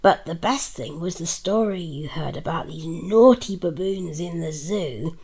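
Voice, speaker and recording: A woman's voice: lowish voice, measured pace, a little mellow, slightly rough. A woman playing a mother in a role-play, fussing and teasing in a motherly way.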